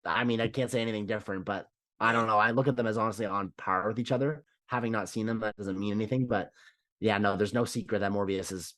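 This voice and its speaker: A man's voice: lowish voice, fairly even intonation, fast, a bit bright, no room sound. A man co-hosting a movie news podcast, giving emphatic, opinionated takes in casual chat. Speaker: podcast co-host.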